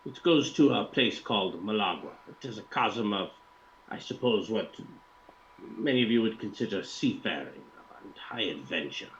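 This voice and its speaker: A man voicing a formal, cold employer who hires thieves and speaks in measured, stiff sentences without contractions. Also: on the low side, expressive, highs cut off, slight background noise. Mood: calm.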